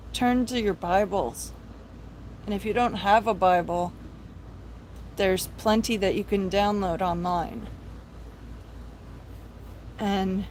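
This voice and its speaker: A woman's voice: mid-range voice, darkish tone, slight background noise, rough recording. A young woman hosting a live stream, talking in an earnest, preachy, pleading way about faith. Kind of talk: impassioned religious vlog talk.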